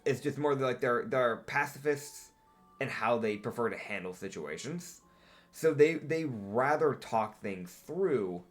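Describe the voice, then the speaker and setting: A young man acting as game master, chatting casually, laughing often and swearing freely. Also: on the low side. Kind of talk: casual tabletop game chat.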